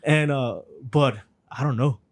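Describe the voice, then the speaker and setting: A man's voice: medium pitch, unhurried. A man co-hosting a podcast in casual, laid-back chat, swearing freely and using lots of fillers. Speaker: podcast co-host.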